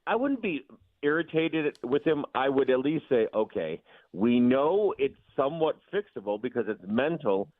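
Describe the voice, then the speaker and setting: Animated man over a tinny phone line. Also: no echo. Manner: animated, quick opinions, jumps in pitch. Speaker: sports radio guest. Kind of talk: sports radio banter. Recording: thin phone-line sound.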